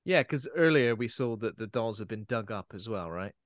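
A man's voice: lowish voice, lively intonation, normal speed, dry recording. A man co-hosts a podcast, chatting about a horror film in a joking, riffing way and tossing in mock character voices. The recording is dry and close, with no room sound. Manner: jokey, riffs with comic asides and voices. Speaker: podcast co-host. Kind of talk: casual chat recapping a film.

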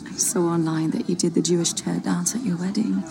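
A woman's voice: lowish voice, steady tone, brisk, vocal fry, background noise. An actress playing a condescending, catty woman in a film clip. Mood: snide. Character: snide posh woman, falsely helpful. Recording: film clip with faint ambience.

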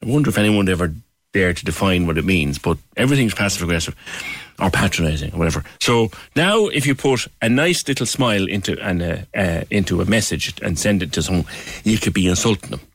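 A middle-aged man hosts a radio chat. His low voice swings widely in pitch, and he sounds amused and incredulous. The sound is dry and close. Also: fast talker, husky, no echo. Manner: lively, chatty, incredulous. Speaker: radio host.

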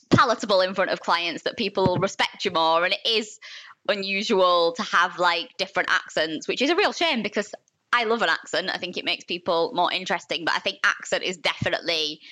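Bright-voiced woman with soft Yorkshire accent. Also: on the low side. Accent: softened Yorkshire. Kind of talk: casual podcast discussion.

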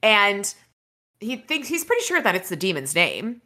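A woman's voice: medium pitch, sing-song, moderate pace, pushed and bright. A woman podcast host casually retelling a novel's chapters, rambling with fillers and restarts. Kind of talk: casual book recap.

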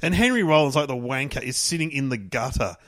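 A man's voice: medium pitch, animated, quick pace, a bit bright. A man, a comedian guest on a podcast, chatting and telling stories in a blunt, slangy way. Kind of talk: casual comedic storytelling.

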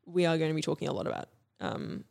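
Young woman podcast host, low-pitched and gravelly, hesitant and rambling. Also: expressive, quick pace, darkish tone. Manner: hesitant, many ums and restarts. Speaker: podcast co-host presenting history. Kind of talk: casual history podcast chat.

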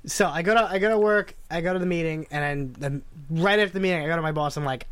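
A man telling a long, animated story in casual chat. He acts out the people he quotes, swears freely and laughs often. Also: fairly high pitch, quick pace, few pauses. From New York.

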